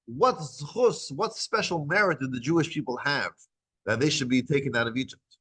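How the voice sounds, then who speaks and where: A man teaching a weekly scripture class, retelling the text as lively back-and-forth dialogue, with frequent restarts. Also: medium pitch, moderate pace, husky, rough recording.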